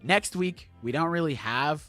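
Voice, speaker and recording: A young adult man hosting a podcast in casual chat, animated, swearing and laughing often. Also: fairly high pitch, measured pace, faint music behind. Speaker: podcast host.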